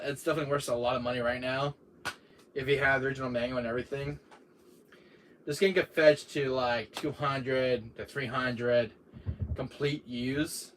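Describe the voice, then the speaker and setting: A man's voice: medium pitch, a bit bright. A man hosting a casual livestream, rambling through jokes and game talk with frequent laughs and many fillers. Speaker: livestream host. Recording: distant mic with faint noise.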